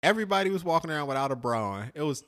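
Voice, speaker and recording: A man's voice: fairly high pitch, rapid-fire. A middle-aged man, co-host of a podcast, chatting casually and profanely about his trip, acting out what people said. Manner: animated storytelling, acts out quotes.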